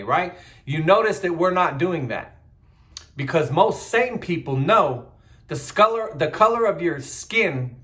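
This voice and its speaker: A man's voice: on the high side, bright, forceful tone. A middle-aged man, giving a blunt, heated, repetitive political rant in a casual monologue. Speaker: political commentator.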